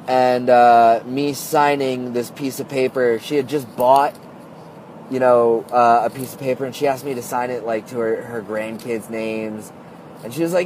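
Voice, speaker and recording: A man's voice: medium pitch, darkish tone, a little hiss or hum. A man telling a story in a casual, rambling monologue, full of "like" and "uh", recorded on a phone. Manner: rambling, heavy use of "like" and "uh".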